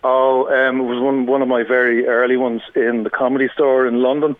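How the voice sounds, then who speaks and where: An Irish comedian telling rambling, self-deprecating gig stories in casual chat. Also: male voice, medium pitch, little pitch movement, fairly quick, dry recording. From Ireland. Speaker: stand-up comedian guest. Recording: tinny phone-like line.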